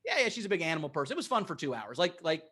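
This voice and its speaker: Bright high-voiced man telling a story. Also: very fast, husky. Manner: animated storytelling. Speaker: guest comic. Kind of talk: casual comedy chat.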